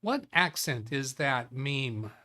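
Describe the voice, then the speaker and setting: A man with a bright, sharp-edged voice hosts a casual live tech show at an ordinary middle pitch. He reads out viewer chat and thinks aloud as he works, rambling and chuckling between points. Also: animated, takes it slowly. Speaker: tech livestream host.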